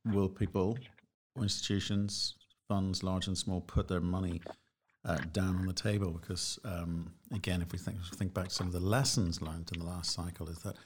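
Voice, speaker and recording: A man hosting a conversational interview, speaking in a measured, reflective way and often restarting phrases. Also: low voice, little pitch movement, a little hiss or hum.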